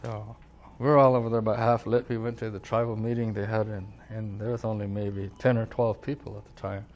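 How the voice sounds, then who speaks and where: With a slight hiss or hum on the recording, a tribal elder from California recounts his life in an oral-history interview, his voice on the low side, a little mellow, flat and fairly quick. The older man rambles, leans heavily on "you know," and performs the voices of those he quotes.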